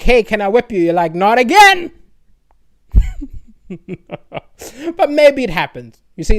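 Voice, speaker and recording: Brief: animated male stand-up comedian from Malawi, very expressive pitch, conversational delivery. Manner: animated and chatty, keeps asking "right?".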